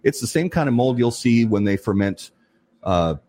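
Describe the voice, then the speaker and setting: A man co-hosting a casual talk show, explaining at length in an emphatic, animated way with frequent restarts. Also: mid-range voice, moderate pace. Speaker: podcast co-host. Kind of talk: casual chat.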